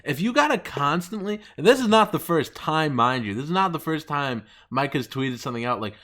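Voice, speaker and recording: A young man hosting his channel, ranting with mocking laughs and jumping into a higher voice whenever he quotes people. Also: sing-song, moderate pace, few pauses, fairly bright tone. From United States. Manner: mocking, laughing often, pitch jumping up when quoting others. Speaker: channel host. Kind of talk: ranting commentary.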